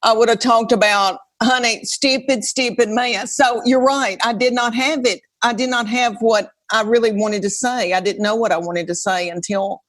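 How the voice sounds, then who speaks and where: A woman in her fifties with a Tennessee Southern accent, a podcast co-host and comedian chatting casually in a folksy, animated way. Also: on the high side, moderate pace, few pauses. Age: 50s. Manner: animated, folksy, calls people honey. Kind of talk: casual chat.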